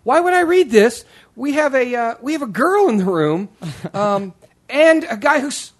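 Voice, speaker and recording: A man's voice: very high voice, very animated, a little slow. A man hosting a casual talk show, rambling with fillers and laughing often, from Kansas City. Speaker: podcast host. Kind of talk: casual chat.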